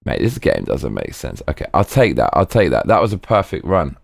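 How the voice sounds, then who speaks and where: Excitable gamer with wild pitch swings. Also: male voice, normal speed, vocal fry, dry recording, studio quality. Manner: excitable, swearing, sudden high yelps. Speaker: game streamer. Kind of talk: live gameplay commentary.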